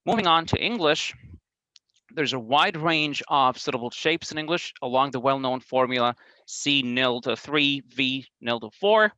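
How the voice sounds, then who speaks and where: A man delivering an academic linguistics talk in a bright, clear voice. He explains step by step, pausing on ums and restarting phrases now and then. The sound is close and dry, with no room around it. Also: mid-range voice, dry recording, low-quality recording. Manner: careful, measured, with frequent um and uh fillers and restarts. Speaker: academic presenter.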